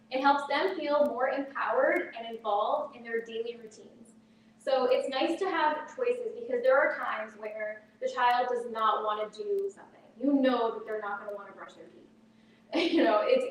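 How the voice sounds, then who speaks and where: A woman teacher leading a live parenting workshop. She speaks practically and illustrates her points with everyday examples. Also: on the high side. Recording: echoey hall from far off, faint noise.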